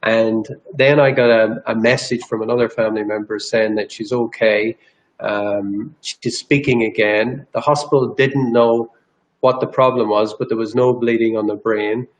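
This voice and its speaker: A man's voice: on the low side, fairly even intonation, moderate pace, low-quality recording. Earnest man telling a story. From Northern Ireland. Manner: earnest, rambling, with restarts. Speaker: guest, energy healer. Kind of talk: personal storytelling in interview.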